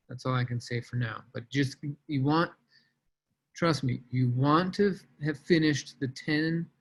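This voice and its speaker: A man leading a sales team on a video call, coaching in a casual, energetic way and calling out team members by name. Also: mid-range voice, poor audio. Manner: energetic, casual, shouts out names.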